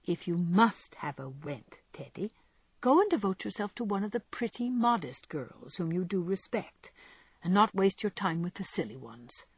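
A woman voicing a frank, spirited young woman in a storybook reading, brisk and bossy yet caring. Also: mid-range voice, sing-song, slightly rough, no room sound. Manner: brisk scolding, softening to tender.

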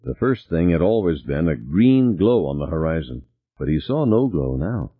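A man reading a suspense novel aloud in a deep, husky voice. His delivery is expressive, moving widely in pitch, and the sound is tinny and narrow. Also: moderate pace. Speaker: audiobook narrator. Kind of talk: scripted narration. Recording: tinny lo-fi recording.

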